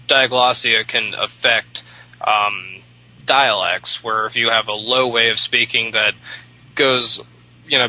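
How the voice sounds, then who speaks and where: A man hosting an internet radio show, explaining a topic in a loose, casual way and filling his pauses with "um" and "uh". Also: mid-range voice, pushed and bright, rough recording. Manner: hesitant, many fillers and restarts.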